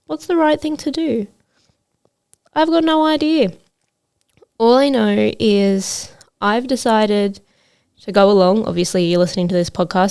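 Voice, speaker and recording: A woman's voice: mid-range voice, darkish tone, clean tone. A woman hosting a solo podcast as a trades coach, talking in an earnest, motivational way with frequent fillers.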